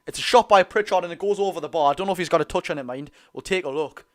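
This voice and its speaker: A young man with a Geordie accent giving excitable, partisan live commentary on a football match for his viewers. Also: a little high, very fast. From North East England. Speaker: football fan streamer.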